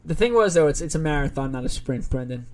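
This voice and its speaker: Animated young man telling a story. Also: on the high side, quick pace. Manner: animated storyteller, acts out phone calls. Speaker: podcast co-host. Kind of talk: casual podcast chat.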